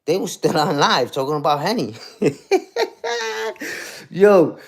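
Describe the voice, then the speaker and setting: Talking quickly and loosely to his live chat, this male streamer peppers his rant with street slang and keeps tossing in "you heard?" His slightly high voice is expressive, rising and falling as he gets fired up.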